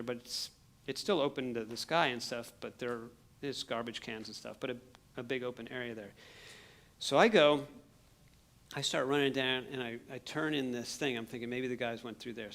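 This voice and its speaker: Male missionary speaker, gravelly, mid-pitched, lively pulpit storyteller in church. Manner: animated storyteller, acts out his own shouting. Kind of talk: sermon storytelling. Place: church sanctuary.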